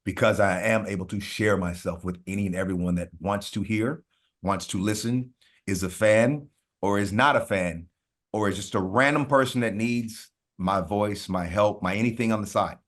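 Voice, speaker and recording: A man's voice: on the low side, moderate pace. A man on a podcast telling his life story casually and animatedly, swearing often and acting out what people said. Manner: animated, profane, acts out quoted voices. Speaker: podcast guest, reality TV contestant.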